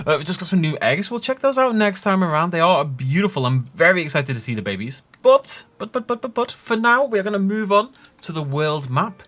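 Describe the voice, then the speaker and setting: A man's voice: sits high, expressive, brisk, few pauses, a bit bright. A man giving enthusiastic, jokey commentary on his own gameplay as a gaming video host. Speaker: gaming YouTuber.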